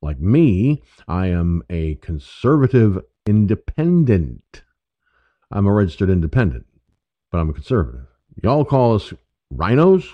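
A man with a very low voice rants through a political talk radio monologue, swearing freely and hammering his points home. His pitch swings widely as he pushes each point. The sound is dry and dull, like a lo-fi home broadcast. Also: very animated, a little slow, no room sound. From New York State, USA. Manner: profane, ranting, emphatic. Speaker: internet radio show host.

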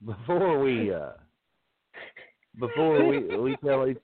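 A man of middle pitch co-hosting a podcast, talking in a halting way full of restarts. He swears freely. His voice comes through a narrow, tinny phone-like line. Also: lively intonation, husky, dry recording. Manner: halting, many fillers and restarts. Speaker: podcast co-host. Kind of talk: casual profane chat.

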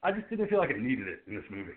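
This man talks with a lively voice that swoops up and down as he picks apart a movie. He swears freely and slips into mock character voices. The sound is squeezed and tinny, as if it came over a phone line. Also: mid-range voice, rapid-fire. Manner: animated, profane, acts out characters. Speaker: podcast co-host. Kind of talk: casual film discussion. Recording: phone-like narrow audio.

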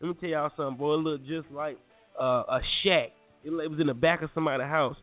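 A young man from North Carolina, animated and slangy, telling a story to listeners as a podcast host. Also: on the high side, fast talker. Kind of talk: casual storytelling. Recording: phone-like lo-fi audio with faint music.

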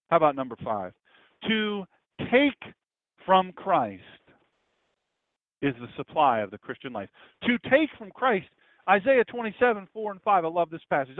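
Animated male preacher on a tinny line. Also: sits high, no echo. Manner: animated storytelling, repeats phrases. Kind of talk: sermon-style talk. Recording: dry tinny phone-like sound.

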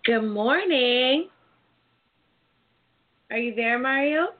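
A woman's voice: sits high, lively intonation, extremely slow. A young adult woman hosting a casual live interview, bubbly and gushing, filling her talk with "like". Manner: bubbly, gushing, says "like" often. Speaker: show host. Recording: tinny phone-like line.

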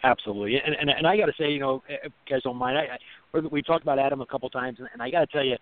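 A man speaking as a guest in a casual phone interview, halting and repeating words, teasing and laughing often. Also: medium pitch, dry recording. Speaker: guest, conference organizer. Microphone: telephone. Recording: tinny dry phone line.

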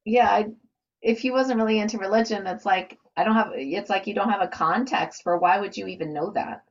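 A woman's voice: medium pitch, fairly quick. A woman hosting an interview, asking short supportive questions. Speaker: host. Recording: dull, slightly distant sound.

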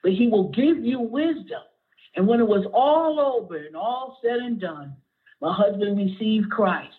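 A woman's voice: medium pitch, animated, measured pace, slightly rough. A middle-aged woman pastor preaching a sermon with passion, at times close to tears, calling for responses from the congregation. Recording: tinny phone-like audio.

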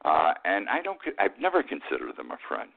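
A man hosting a radio talk show, giving opinionated commentary and jumping up in pitch on the words he stresses. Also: wildly swooping pitch, fairly quick. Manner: emphatic, rises sharply on key words. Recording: tinny phone-like radio sound.

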